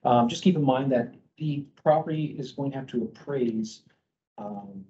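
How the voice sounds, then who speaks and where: Loud and loose, this middle-aged mortgage broker talks a group through a casual presentation in a medium-pitched voice at normal speed. Fillers and restarts pile up, and he tags sentences with "okay?". The audio is dull.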